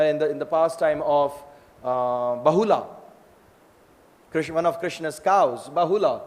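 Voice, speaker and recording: A man's voice: a little high, big-room sound. A man giving a scripture lecture, telling stories in a conversational way and often checking in with his listeners. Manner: storytelling, conversational with tag questions.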